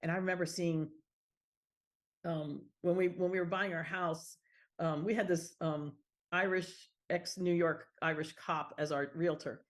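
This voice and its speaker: A woman's voice: lowish voice, steady tone, a little slow. A middle-aged woman from the Washington D.C. area, a podcast guest telling stories in a casual, chatty way full of fillers and restarts. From Washington D.C. area, United States. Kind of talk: casual conversational storytelling.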